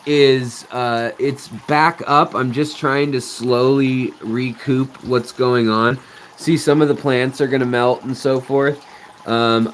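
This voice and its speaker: A man's voice: mid-range voice, a little hiss or hum. A man hosting a live stream, answering viewers in a rambling, explanatory way with many fillers. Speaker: aquarium channel host.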